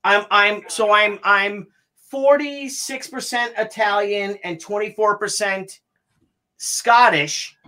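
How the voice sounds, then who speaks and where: A middle-aged man hosting a livestream, excitable and joking, repeating himself as he talks. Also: high-pitched, takes it slowly. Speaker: livestream host. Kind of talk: casual livestream chat.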